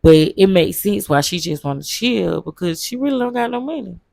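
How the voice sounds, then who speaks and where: A woman's voice: mid-range voice, expressive, moderate pace, gravelly, mellow, dry recording. A woman vlogger casually telling a travel story, loose and slangy with lots of fillers.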